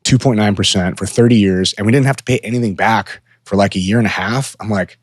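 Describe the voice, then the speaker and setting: Man, thirties, low-pitched voice, swears freely, candid podcast storytelling, dry close sound. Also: fast talker, no room sound. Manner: profane, candid, animated when quoting himself. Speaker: podcast co-host. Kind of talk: casual conversational storytelling.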